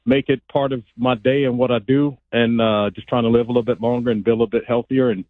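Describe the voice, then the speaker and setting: A man's voice: mid-range voice, little pitch movement, quick pace, no room sound. A man, a former pro football player and analyst, calling in and telling stories in a laid-back way. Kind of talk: casual phone-in interview. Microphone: phone line. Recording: tinny phone line.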